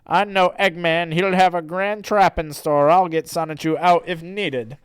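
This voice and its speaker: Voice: mid-range voice, steady tone, unhurried, clear, resonant tone, no room sound, voice pushed up, close to an everyday voice. A streamer voicing a cocky cartoon hedgehog hero with a brash, taunting manner. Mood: confident.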